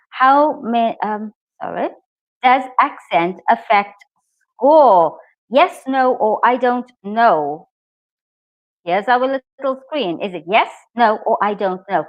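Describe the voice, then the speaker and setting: A woman teaching a live online English exam lesson, upbeat and encouraging as she talks to her viewers. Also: on the high side. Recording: dull lo-fi stream audio.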